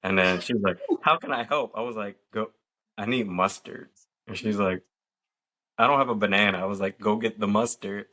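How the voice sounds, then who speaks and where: Bright-voiced man in his thirties hosting. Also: fairly low pitch, moderate pace. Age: 30s. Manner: animated storyteller acting out quotes. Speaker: podcast host. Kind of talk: casual chat.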